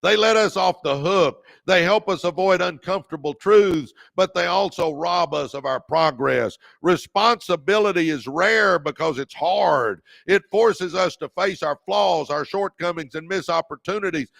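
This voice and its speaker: A man's voice: high voice, normal speed, creaky, hardly any pauses, a bit bright, no echo, studio quality. A middle-aged man hosting a motivational livestream, fired up, repeating key lines and thanking viewers by name. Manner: calls viewers "baby". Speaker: podcast host.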